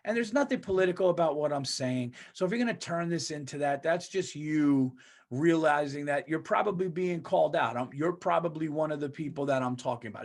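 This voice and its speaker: A man holding forth on his own comedy podcast, speaking in a slightly higher register than most men. He rants casually and emphatically, leaning hard on profanity to drive each point home. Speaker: podcast host.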